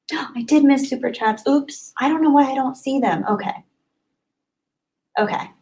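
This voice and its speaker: A woman hosting a casual livestream, chatty and upbeat, thanking viewers by name and often trailing off softly. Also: sits high, measured pace, slight background noise, rough recording. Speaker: livestream host. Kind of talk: casual live chat reading comments.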